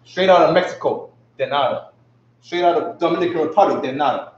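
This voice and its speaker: A man's voice: a little high, a little fast. A man teaching a class in a casual, slangy way, often asking if listeners follow him. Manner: slangy, keeps asking "you know what I'm saying". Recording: echoey room, distant mic, dull lo-fi.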